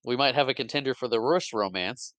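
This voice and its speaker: A man on a podcast giving an animated, casual recap of a movie plot, jumping into quick character voices between fillers and restarts. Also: medium pitch, no echo. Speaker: podcast co-host.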